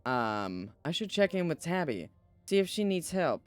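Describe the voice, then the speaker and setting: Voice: mid-range voice, sing-song, normal speed, soft background music. Casual streamer reading game text. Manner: casual, reads narration aloud.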